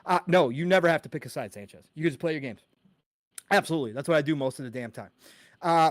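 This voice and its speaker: A man hosting a casual gaming podcast live stream, talking excitedly and reading out chat names with quick greetings and casual swearing. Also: fairly high pitch, no room sound. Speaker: podcast host.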